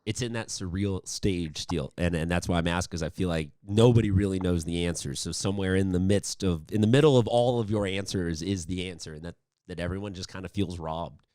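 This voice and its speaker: A man's voice: sits low, brisk, a little mellow, dry recording, clean studio sound. Chatty upbeat male sports host. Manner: upbeat, chatty, rambling with restarts. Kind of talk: casual interview.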